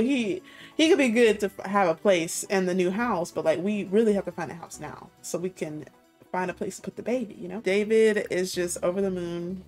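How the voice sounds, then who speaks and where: A woman's voice: mid-range voice, a little mellow. A young woman giving casual let's-play commentary, bubbly, giggly and chatty. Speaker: gaming video host.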